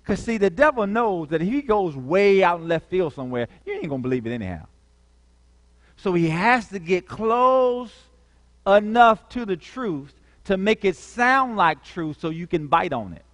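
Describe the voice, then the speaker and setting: A man preaching a lively sermon, calling out to the congregation with dramatic swings in volume. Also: sits high, normal speed, big-room sound. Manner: animated, call-and-response, dramatic shifts in volume.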